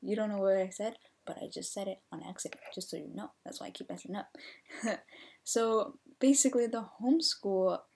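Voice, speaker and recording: A young woman with a slightly husky, breathy voice tells stories casually on her podcast. She is lively and acts out what people said, and she often stops to correct herself. Her pitch sits in the middle of the usual range for a woman. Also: moderate pace. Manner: animated, acts out the players' and her own quoted lines; laughs often and corrects herself mid-story. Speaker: podcast host and soccer referee. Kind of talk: casual storytelling monologue.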